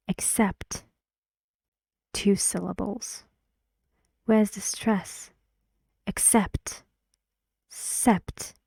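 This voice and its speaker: A woman teaches English pronunciation at a very slow, careful pace. Her voice is mellow and soft-edged, and she repeats each word clearly for her learners. The sound is dry and close. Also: mid-range voice, no echo. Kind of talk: slow pronunciation lesson with drills.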